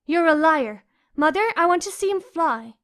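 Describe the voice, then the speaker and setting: Woman playing a whiny spoiled boy, shrill and high, audiobook. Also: animated, moderate pace, fairly bright tone, exaggerated voice. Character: spoiled, frightened young boy lord.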